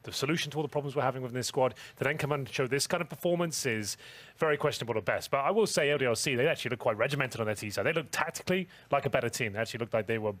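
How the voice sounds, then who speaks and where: A man's voice: mid-range voice, fairly bright tone, no room sound. A man breaks down an esports match from the analyst desk. He talks at a racing clip, piling up fillers and restarts as he reasons it through. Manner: fast, analytical, with many fillers. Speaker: esports caster.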